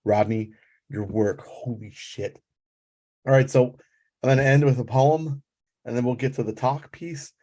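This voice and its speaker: A man's voice: mid-range voice, unhurried, pauses often, warm tone. Effusive man hosting a reading. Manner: effusive, filler-heavy, lots of "like". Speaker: host of a poetry reading. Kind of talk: casual hosting and poetry reading.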